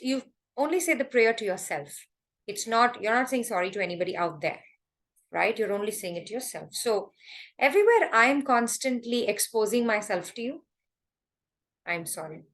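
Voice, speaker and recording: A woman's voice: medium pitch, a bit bright. A woman giving a motivational workshop talk to a live audience, joking and acting out quoted voices as she explains. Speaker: speaker teaching a workshop.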